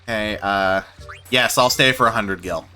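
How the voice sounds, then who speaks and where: A man giving casual, rambling commentary while streaming a game, self-deprecating and quick to swear. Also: fairly low pitch, sharp tone, faint music behind.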